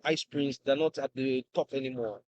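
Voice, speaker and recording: A man's voice: medium pitch, steady tone, normal speed, darkish tone, dry recording. A Nigerian man hosting a casual podcast, upbeat, who hesitates with fillers when he asks questions. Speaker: podcast host.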